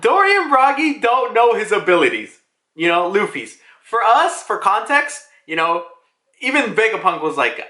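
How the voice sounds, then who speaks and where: An excitable man reviews a comic chapter in casual talk and swears freely. His voice is high and bright and swings widely in pitch. The room sounds roomy and echoey. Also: moderate pace. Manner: excitable, swears and laughs often. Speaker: manga reviewer. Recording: roomy echo.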